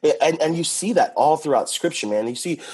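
A man who works as a youth pastor, telling stories in an animated way, repeating words and laughing often. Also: fairly high pitch, brisk, slightly rough. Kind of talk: casual conversational interview.

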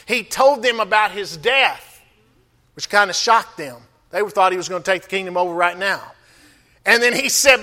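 A man's voice: high voice, lively intonation, moderate pace, bright, forceful tone. A man pastor preaching a sermon, calling out to the congregation for responses.

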